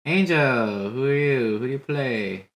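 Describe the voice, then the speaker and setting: A woman hosting a tabletop game stream, introducing the players in a halting way with many filler sounds. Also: rumbling low, animated. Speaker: stream host. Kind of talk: casual chat introducing players.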